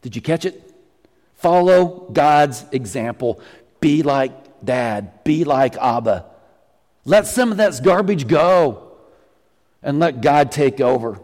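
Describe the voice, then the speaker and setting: A middle-aged man preaching a sermon as pastor, animated and teasing the congregation. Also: medium pitch, takes it slowly, big-room sound. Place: church sanctuary.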